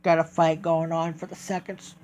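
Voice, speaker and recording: A man talking casually in a vlog, halting and correcting himself often as he goes. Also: fairly high pitch, little pitch movement, darkish tone. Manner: halting, with many restarts and self-corrections. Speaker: train video vlogger.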